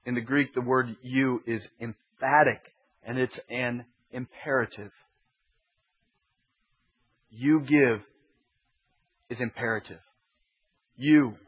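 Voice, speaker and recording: A man's voice: mid-range voice, fairly even intonation, measured pace, slightly rough. A man preaching as a pastor, teaching emphatically with building repetition. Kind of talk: expository sermon. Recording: dull lo-fi sermon recording.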